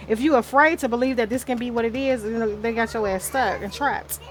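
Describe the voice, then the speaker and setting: A woman's voice: a little high, brisk, a little hiss or hum. A woman giving a casual spiritual card reading to her viewers indoors, talking in a rambling, loose way and swearing now and then. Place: indoor room.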